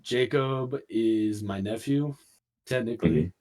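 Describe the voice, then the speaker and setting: A man's voice: medium pitch, slow pace, darkish tone. A young man in casual podcast chat, blunt and emphatic, swearing freely. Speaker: podcast co-host.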